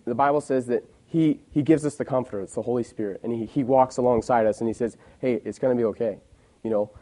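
A man's voice: mid-range voice, warm tone. A man in his twenties giving an earnest, heartfelt personal testimony to a congregation, rambling as he goes. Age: 20s. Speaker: church member giving a testimony.

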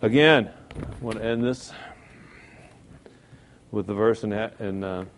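A man teaching a church Bible class in a conversational sermon, emphatic, asking rhetorical questions and swinging between loud stresses and quiet asides. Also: on the low side, a little slow, a little hiss or hum.

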